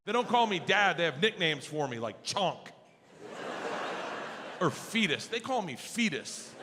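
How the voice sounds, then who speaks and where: A middle-aged man doing a stand-up comedy set, telling stories loudly and acting out quoted lines in shifting voices. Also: sits high, big pitch swings, a little slow. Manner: loud storytelling, acts out quotes in shifting voices. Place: comedy stage before a laughing audience. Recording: live stage mic with audience noise.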